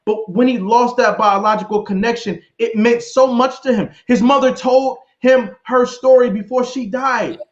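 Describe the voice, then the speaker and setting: A man hosting a livestream interview, energetic and hyping up the audience. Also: extremely high pitch, moderate pace, few pauses. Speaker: host. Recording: roomy, dull lo-fi audio.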